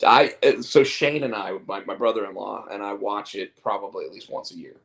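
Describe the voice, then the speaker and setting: A man's voice: lowish voice, a little fast, gravelly. A man hosting a casual chat show, rambling and repeating words as he tells stories. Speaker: podcast host and comic artist.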